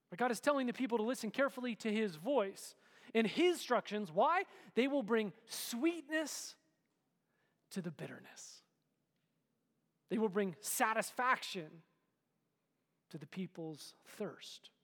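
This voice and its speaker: A male pastor with a notably high voice preaches in a casual, conversational way. He tosses in "right?" again and again and sometimes sinks to an intimate near whisper. His voice rings out with a long reverb, as in a big sanctuary. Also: very animated, unhurried, pauses often, a bit bright. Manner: conversational, keeps asking "right?", drops to a near whisper at times. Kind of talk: sermon.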